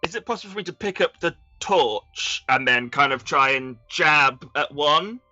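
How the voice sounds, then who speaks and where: A man's voice: a little high, normal speed, pushed and bright, no echo, lo-fi sound, soft background music. A man playing a tabletop game, asking questions and making wry jokes. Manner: joking, wry. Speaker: player. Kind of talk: casual chat at a game table.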